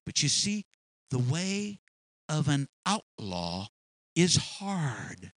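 A man's voice: on the high side, sing-song, no room sound, rough recording. Man preaching in storytelling sermon. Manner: storytelling preaching with drawn-out emphasis and repeated restarts.

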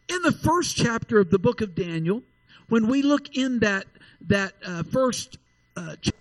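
A man's voice: high-pitched, dry recording, low-quality recording. A man preaching a sermon, telling folksy stories with frequent restarts. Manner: folksy storytelling with many restarts.

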